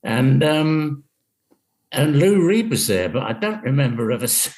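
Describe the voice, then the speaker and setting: Calling in by video to a casual radio interview, an older English musician recounts stories with dry wit. He speaks unhurriedly in a medium-pitched, darkish voice with big pitch swings.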